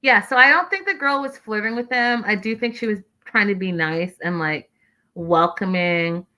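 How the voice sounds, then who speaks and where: A woman's voice: medium pitch, moderate pace, bright, forceful tone. A woman hosting an online reality TV recap show, chatting in a sassy, exasperated way and mimicking people as she rants. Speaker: host.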